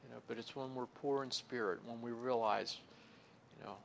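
A man preaching a conversational sermon, leaning on "you know" and stretching key words slowly before dropping to a soft, low close. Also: fairly even intonation, creaky, slight background noise. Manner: folksy, fills pauses with "you know". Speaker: pastor or Bible teacher.

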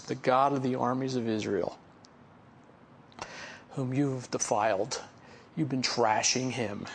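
Male pastor, folksy conversational sermon delivery, gravelly edge, mid-range pitch. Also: steady tone, a little slow, pauses often, slight background noise. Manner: conversational, folksy, laughs at own stories. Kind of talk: sermon with personal stories.

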